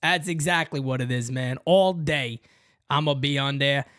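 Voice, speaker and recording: A man hosting a casual fan show and answering callers in an animated, slangy way that repeats itself. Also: mid-range voice, moderate pace, clear, resonant tone. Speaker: host taking fan calls.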